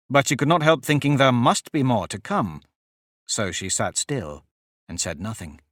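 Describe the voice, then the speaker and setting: A man narrating an audiobook in a measured, expressive storytelling manner. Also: fairly low pitch, dry recording, studio quality.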